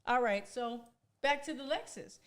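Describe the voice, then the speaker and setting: A woman with a high voice, a guest on an interview podcast, recounting her own experience. She tells it with animation and slips into the voices of the people she quotes. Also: unhurried. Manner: animated, acts out quoted dialogue. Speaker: entrepreneur guest.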